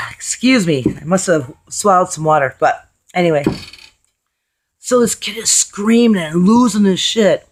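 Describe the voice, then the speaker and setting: A hoarse woman telling a story in a casual vlog, chatty and blunt, swearing freely. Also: medium pitch, animated, takes it slowly, pauses often. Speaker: vlogger.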